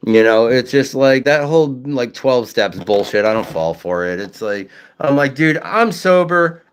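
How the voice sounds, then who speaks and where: A man talks straight to his livestream audience in a blunt, profane ranting style. He stutters and repeats words at times, and his voice sits at an ordinary middle pitch for a man. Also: animated, a little slow, smooth. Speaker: livestream host. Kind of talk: casual livestream chat.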